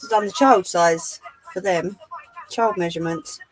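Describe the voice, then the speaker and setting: Woman doing a live sewing demo, chatty, bit hoarse, faint music behind. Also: fairly low pitch, measured pace, poor audio. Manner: chatty, talks to live chat while demonstrating. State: losing her voice. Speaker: craft livestream host. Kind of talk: live sewing tutorial chat.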